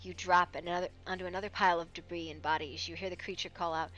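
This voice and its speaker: A woman acting as game master, narrating a horror tabletop scene on a live stream in a hushed, hesitant way with frequent ums. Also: fairly low pitch, steady tone, quick pace, highs cut off.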